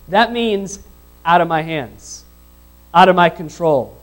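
A man's voice: high voice, lively intonation, slow pace, long pauses, poor audio. A male pastor preaching a sermon in a conversational way, asking the congregation questions and repeating his phrases.

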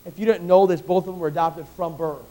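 A middle-aged man preaching a sermon, swinging between loud, emphatic declarations and quiet, personal storytelling, often repeating and restarting phrases. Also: high-pitched, steady tone, fast talker, poor audio.

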